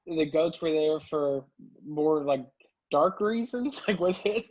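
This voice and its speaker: A man's voice: on the high side, animated, slow, a little mellow, lo-fi sound. A man hosting a podcast, asking long, rambling questions with many restarts in a casual chat. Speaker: podcast host.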